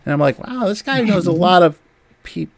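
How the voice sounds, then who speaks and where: A man's voice: high-pitched, very animated, normal speed. A man hosting a livestream, telling casual anecdotes with frequent laughs. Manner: chatty, laughs often, acts out quoted voices. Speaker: podcast host.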